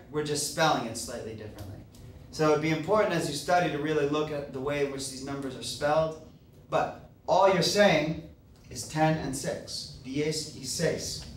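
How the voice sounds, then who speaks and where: A man gives a slow, deliberate lesson, sounding out each word syllable by syllable. His voice sits a little high. He is recorded from across an echoey room with faint background noise. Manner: slow, spelling words out carefully, stressing each syllable. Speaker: Spanish teacher. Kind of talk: classroom-style lesson. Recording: echoey room, mic far off.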